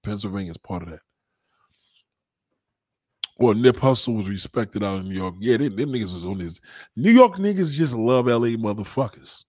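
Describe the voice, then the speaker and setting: Young male streamer, loose and profane, lowish voice, dry close sound, rambles to chat. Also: expressive, moderate pace, pauses often, dry recording. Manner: profane, rambling street talk with shout-outs. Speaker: livestream host. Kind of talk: casual livestream chat with viewers.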